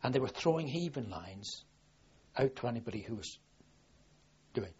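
Old guy from southwest england telling war memories, really husky voice, muffled old tape. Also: mid-range voice, expressive, moderate pace, a little mellow. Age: older. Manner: rambling, plain-spoken storytelling with many restarts. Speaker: war veteran interviewee. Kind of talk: oral history recollection. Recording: dull lo-fi archive recording.

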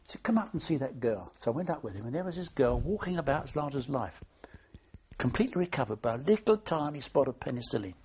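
A man's voice: medium pitch, big pitch swings, fast talker, a little mellow, breathy edge. An older man, a war veteran, telling anecdotes in an oral history interview, rambling and restarting as he goes. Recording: dull lo-fi archive tape.

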